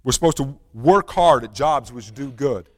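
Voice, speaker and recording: A male pastor delivering a sermon with earnest conviction, often posing rhetorical questions to his listeners. His mid-pitched voice rings out with a long reverb tail, as if filling a large hall. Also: animated, moderate pace, darkish tone.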